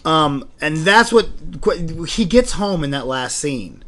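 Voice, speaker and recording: Lively man chatting on a podcast. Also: a little high, takes it slowly. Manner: animated, acts out scenes in silly voices. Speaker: podcast co-host. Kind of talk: casual TV review chat.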